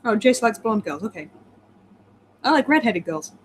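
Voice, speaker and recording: A woman's voice: a little high, sing-song, moderate pace, slight background noise. Tipsy woman reading aloud with wry asides. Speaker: co-host. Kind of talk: casual chat, reading a plot summary aloud.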